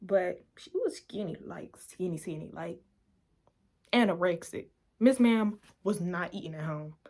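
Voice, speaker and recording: A young adult woman vlogger telling a story in a casual, animated way, laughing often and acting out the quotes. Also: lowish voice, a little slow.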